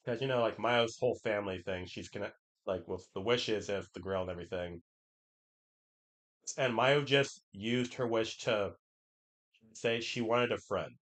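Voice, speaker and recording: A man's voice: on the low side, a little slow, long pauses, fairly bright tone. A man streaming, casually retelling a story in a rambling way, with many restarts and quoted lines.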